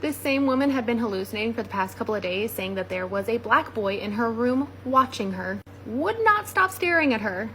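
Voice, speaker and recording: A woman telling a grave story in a measured way. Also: a little high, animated, pushed and bright, a little hiss or hum, rough recording. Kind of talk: spoken account.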